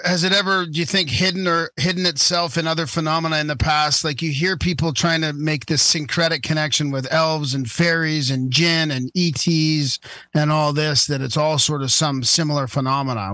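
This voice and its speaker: Eager podcast host with a higher voice. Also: male voice, steady tone, brisk, bright, forceful tone, dry recording. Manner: eager, with frequent agreeing interjections. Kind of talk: casual podcast chat.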